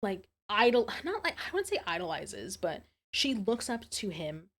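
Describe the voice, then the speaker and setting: A woman streaming a story game, chatting casually and gushing with animated, casual swearing. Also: mid-range voice, measured pace. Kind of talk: casual live-stream chat.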